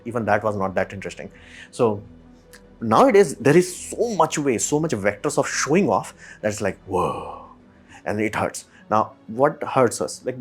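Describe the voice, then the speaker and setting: A man hosting a podcast, talking casually and emphatically, with rhetorical questions and mock quotes. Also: mid-range voice. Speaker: podcast host. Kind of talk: casual solo commentary.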